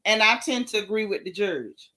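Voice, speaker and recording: Southern woman, gossip livestream host, sassy and emphatic, bright forceful voice. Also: mid-range voice, expressive, moderate pace. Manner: sassy, emphatic, repeats lines for effect. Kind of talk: casual livestream gossip commentary.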